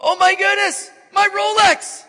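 A man voicing a panicked, materialistic male lawyer who whines and shouts in a frantic manner. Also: very high-pitched, level tone, a little slow, pitched above the performer's own voice, full character voice. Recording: long hall reverb.

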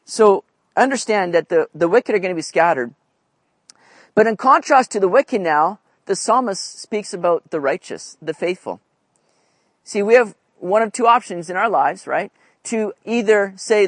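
A pastor with a high, animated voice delivers a conversational sermon at a slightly slow pace, with no echo. He keeps checking in with his listeners, frequently asking "right?"

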